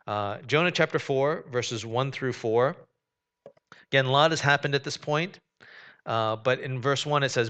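Man, pastor, bright voice, animated sermon, joking asides. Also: mid-range voice, normal speed.

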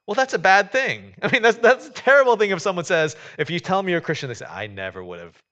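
A man's voice: sits high, fast, sharp tone. Conversational male pastor preaching, lo-fi. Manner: conversational preaching with many fillers and restarts. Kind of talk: sermon.

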